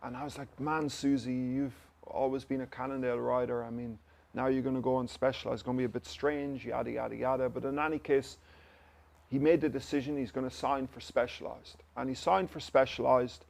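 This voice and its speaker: An Irish company director, appearing as an interview guest, tells stories in a casual chat and acts out the dialogue he quotes. His mid-range voice has a level tone, a fairly quick pace, vocal fry, and a darkish quality.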